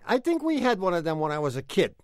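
Laughy radio co-host guy, pretty high voice, super lively. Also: fast, dry recording, clean studio sound. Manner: laughs easily, teasing. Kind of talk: casual talk radio banter.

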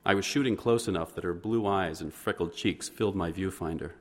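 A man with a very deep voice reads a first-person story aloud. His delivery is measured and understated, lingering on descriptive passages. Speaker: narrator. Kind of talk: audiobook narration, first person.

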